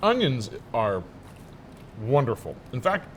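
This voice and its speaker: Talking slowly yet very animated, this medium-pitched middle-aged man hosts a casual restaurant food tasting, though he's a news show host by trade. His manner is chatty and joking, full of stammered restarts, and a little hiss or hum sits in the audio.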